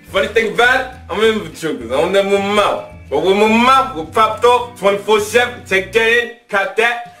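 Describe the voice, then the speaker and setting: A man's voice: high-pitched, fairly quick, sharp tone, soft background music. Man doing a comic mock award speech. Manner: mock acceptance speech, playful. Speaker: comedian. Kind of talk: comic impressions. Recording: echoey room, distant mic.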